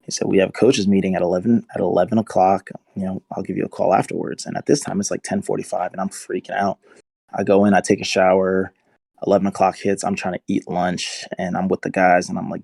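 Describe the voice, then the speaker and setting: Young man, podcast guest, earnest storytelling, flat low delivery, gravelly. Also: fast talker, dry recording. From United States. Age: 20s. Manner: earnest, emotional retelling. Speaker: guest, football player. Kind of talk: interview storytelling.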